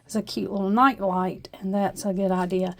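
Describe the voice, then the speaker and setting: A woman's voice: medium pitch, flat delivery, normal speed, vocal fry. A woman at home in her kitchen with an Appalachian accent, chatting homily through her decorations in a casual vlog. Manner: homey, chatty, with frequent uh fillers. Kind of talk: casual show-and-tell vlog.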